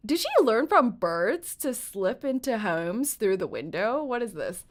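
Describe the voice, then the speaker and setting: A woman streamer who gushes and giggles while reading a game story out loud and reacting to it. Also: a little high, big pitch swings, takes it slowly. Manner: gushing, giggly, exclaiming.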